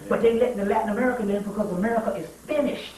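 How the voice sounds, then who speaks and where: A man giving a profane lecture to a live audience, animated and laughing, telling stories in street talk with call-and-response asides. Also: high voice, very fast, slight background noise. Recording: very echoey room, distant mic, archive tape.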